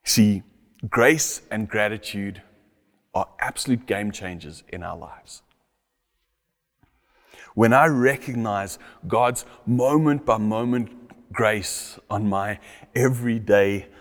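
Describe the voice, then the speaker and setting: A man's voice: fairly low pitch, big-room sound. A middle-aged man delivering a sermon, earnest and fond of repeating his key phrases for emphasis. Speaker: pastor.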